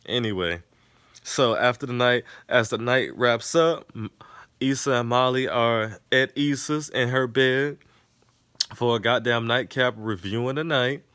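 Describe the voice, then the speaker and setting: A man recapping a TV episode in casual chat, animated and profane, often laughing. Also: medium pitch, unhurried, clean tone, no echo, clean studio sound. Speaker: TV episode reviewer. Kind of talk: casual recap with acted-out quotes.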